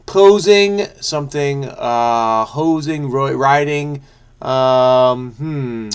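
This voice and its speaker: A man's voice: mid-range voice, drawn-out words, smooth. A man, solving a crossword and thinking aloud in a frenetic, chatty way, muttering guesses and correcting himself. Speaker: crossword solver host.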